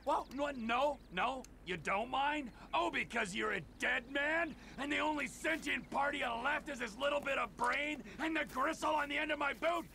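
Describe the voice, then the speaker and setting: An actor playing a volatile, unhinged middle-aged criminal in a video game, with a gravelly voice that swings between mocking menace and shouting. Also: male voice, extremely high pitch, normal speed, few pauses, a little hiss or hum, exaggerated voice. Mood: taunting.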